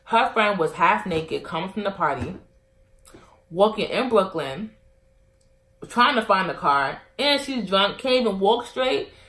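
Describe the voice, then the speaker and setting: A young woman tells a personal story to her vlog camera. She talks casually and acts out both sides of a heated argument, with her voice swinging from low and quiet to loud and animated. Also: measured pace. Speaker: vlogger telling a story.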